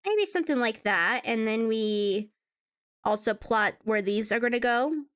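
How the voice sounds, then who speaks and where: Woman VTuber, slightly high voice, casual drawing-stream chatter, giggly, hums along. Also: expressive, unhurried, smooth. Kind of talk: casual live-stream chat while drawing.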